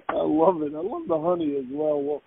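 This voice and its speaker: A man's voice: on the high side, very noisy. A man hosting an interview, effusive and praising, often stammering and repeating words. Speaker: host, company executive. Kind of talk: casual interview chat. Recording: tinny phone-like call audio.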